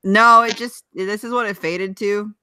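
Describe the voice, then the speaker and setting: Bright-voiced young man, chatty and wry. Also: high-pitched, steady tone, unhurried, clear, resonant tone, no echo. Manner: laughs often, chatty and wry. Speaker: podcast co-host. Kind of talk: casual chat.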